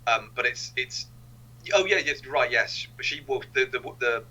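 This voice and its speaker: A man's voice: medium pitch, lively intonation, moderate pace, sharp tone, rough recording. A man co-hosting a casual film review podcast, hesitant and repeating words as he recalls scenes. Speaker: podcast co-host.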